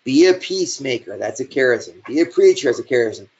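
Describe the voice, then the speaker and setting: A man's voice: medium pitch, animated, fairly quick, a little mellow. A man preaching a sermon in a conversational, storytelling way with shifting emphasis. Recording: dull lo-fi recording.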